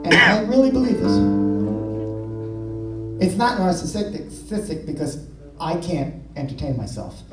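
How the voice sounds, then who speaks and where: A man, a blues singer and guitarist, telling deadpan jokes to the crowd between songs on an outdoor festival stage. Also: high voice, normal speed, long pauses. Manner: joking, deadpan storyteller. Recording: echoey live sound from far off. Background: guitar music.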